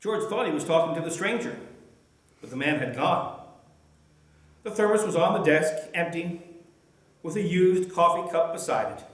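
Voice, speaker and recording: A male pastor gently and steadily telling a story as part of a sermon message. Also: a little high, expressive, moderate pace, pauses often. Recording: echoey room.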